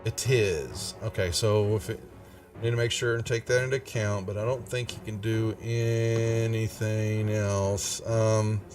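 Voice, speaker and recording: A man's voice: fairly low pitch, steady tone, unhurried, distant mic, music in the background. A man narrating as game master of a tabletop game, thinking aloud and stopping to check rules as he goes.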